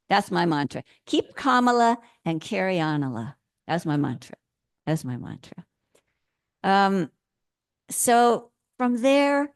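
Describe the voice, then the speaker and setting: A woman minister giving a sermon in a gentle, playful way, laughing often. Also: a little high, vocal fry, no room sound, studio quality.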